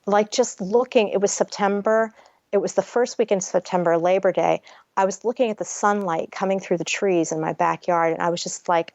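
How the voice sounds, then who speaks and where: A woman's voice: mid-range voice, fairly even intonation, normal speed, a little mellow, no echo. A woman guest author telling her personal story frankly in a podcast interview, chatty and peppered with swearing. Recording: dry, slightly dull audio.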